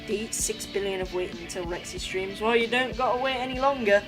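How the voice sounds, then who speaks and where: A woman's voice: mid-range voice, fast. A young woman streaming a game, chatting casually with viewers in a slangy, rambling way. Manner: slangy, rambling, talks to chat. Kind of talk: casual live-stream chat while gaming. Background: game music.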